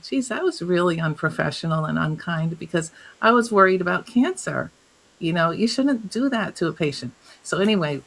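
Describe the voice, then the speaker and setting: A woman guest, a health coach, telling stories in an interview, animated and laughing often as she acts out what others said. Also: on the low side, poor audio. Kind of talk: storytelling in an interview.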